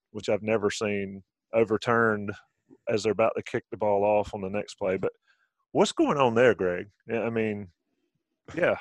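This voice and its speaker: A man's voice: mid-range voice, no room sound. A middle-aged man hosting casual sports talk, rambling with restarts. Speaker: sports radio host.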